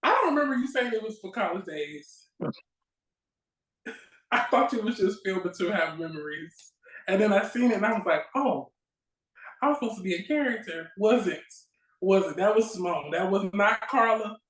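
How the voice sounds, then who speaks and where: A woman guest on an interview show, telling stories in a casual, lively way and acting out the exchanges she remembers. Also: medium pitch, normal speed, roomy sound, low-quality recording. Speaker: guest actress. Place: at home near a railway line.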